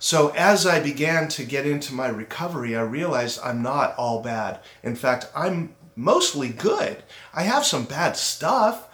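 A man's voice: medium pitch, sing-song, a bit bright. Earnest man giving a motivational talk in a roomy space. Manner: earnest, slows down to stress points, acts out his inner critic. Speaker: self-esteem speaker and podcast host. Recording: roomy echo.

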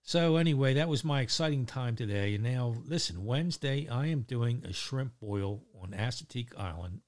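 A middle-aged man talking in a loose, chatty monologue about his day. He rambles, restarts his sentences and swears now and then in a relaxed way. His voice sits at an ordinary pitch for a man. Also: normal speed. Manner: rambling, chatty, swears casually, lots of fillers. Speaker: vlogger. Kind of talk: casual storytelling monologue.

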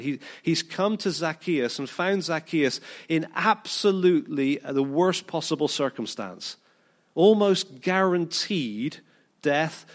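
A British man delivers a sermon with lively storytelling, bringing the people in the story to life by acting out their words. His voice sits at an ordinary middle pitch, and he sometimes stumbles and repeats a word as he speaks. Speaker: preacher.

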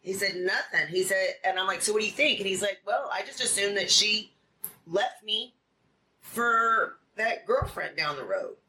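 A woman interviewee retelling events in an animated, panicky way, full of fillers and quoted dialogue. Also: medium pitch, moderate pace. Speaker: interviewee, friend of missing woman. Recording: roomy distant recording with faint background noise.

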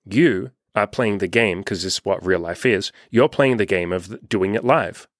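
Chill youngish guy coaching dating, lowish voice, swears a lot, dry close mic. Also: normal speed, dry recording. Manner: loose and unscripted, swears freely, acts out quoted voices. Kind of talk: casual podcast monologue.

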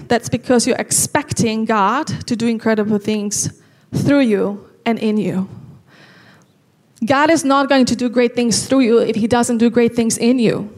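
A woman preaching a sermon with earnest conviction. Her voice sits a little high, and she slows right down to lean on the lines that matter most. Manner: earnest, slow and emphatic on key lines.

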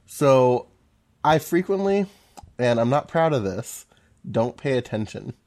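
A man co-hosts a podcast, talking in a loose, rambling way. He laughs often, swears, and restarts his sentences as he goes. His pitch sits in an ordinary middle range. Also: very animated, a little slow, a little mellow. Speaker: podcast co-host. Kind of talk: casual chat.

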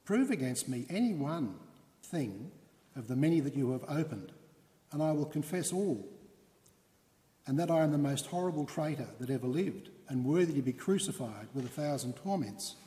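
A man reading as a composed, dignified accused gentleman who answers in a measured way. The tone is mellow, with a long hall reverb behind it. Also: a little high, animated, close to an everyday voice. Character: composed male defendant, dignified and wry.

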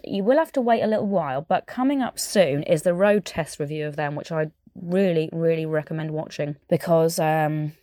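A woman's voice: deep voice, moderate pace, warm tone, dry recording. Chatty Southern English woman, dry sound. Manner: chatty, enthusiastic, with fillers and asides. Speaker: podcast presenter. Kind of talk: casual chat.

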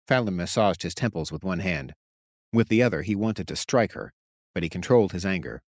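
A man reading his own story aloud in steady, measured audiobook narration. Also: low-pitched, no room sound, studio quality. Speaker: author and narrator.

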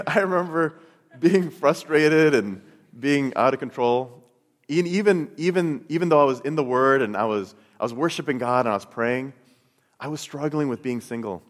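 A man's voice: medium pitch, normal speed. A middle-aged man telling his personal faith testimony and teaching, earnest and storytelling, often repeating words as he goes. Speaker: Christian speaker. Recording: long hall reverb.

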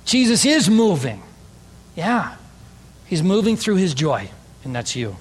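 High-voiced male preacher in a reverberant hall. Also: big pitch swings, unhurried, pauses often, slightly rough. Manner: emphatic storytelling preacher. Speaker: pastor. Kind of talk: sermon.

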